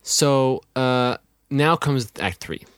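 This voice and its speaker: A man in a casual movie commentary chat, relaxed, throwing in joking asides. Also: mid-range voice, extremely slow, clear, resonant tone, no echo.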